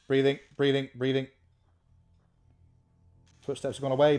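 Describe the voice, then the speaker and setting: A young man commentates on a horror game, excitable and chatty, muttering repeated counts under his breath between bursts of excitement. His voice is mid-range and brisk.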